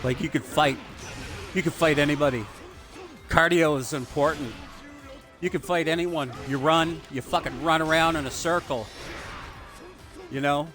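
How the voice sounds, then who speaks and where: A man's voice: a little high, moderate pace, long pauses, fairly bright tone, faint music behind. A man giving rambling, crude, digressive commentary while he plays a video game. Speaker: gaming video host. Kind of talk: rambling let's play commentary.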